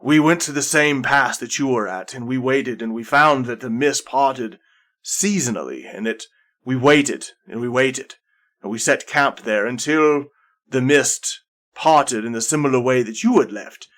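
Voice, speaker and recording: A man's voice: medium pitch, a little slow, a bit bright, lightly acted. A man voicing Bladry, a steadfast male clan leader, who recounts events plainly and hesitantly. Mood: earnest. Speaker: character voiced by the game master. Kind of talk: improvised tabletop role-play.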